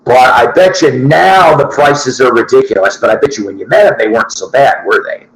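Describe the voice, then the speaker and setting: A man's voice: mid-range voice, brisk. A man hosting a record-collecting show, chatting loosely to viewers, swearing and laughing at his own asides. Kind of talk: casual rambling chat to viewers. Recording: echoey room.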